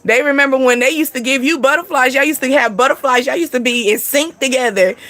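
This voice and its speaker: A high-voiced woman, chatting loosely through an astrology reading. Her tone is bright and lively. She laughs a lot, calls her viewers "y'all" and swears offhand. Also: quick pace. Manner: chatty, laughs often, sings and acts out snippets. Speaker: spiritual reader.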